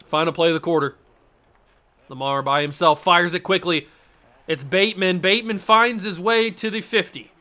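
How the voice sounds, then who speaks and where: A young man calling plays out loud as he plays a football video game, jumping from play-by-play to excited outbursts and chatter with himself. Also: high-pitched, moderate pace. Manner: excitable, self-talking, swings between play-by-play and outbursts. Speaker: gaming channel host.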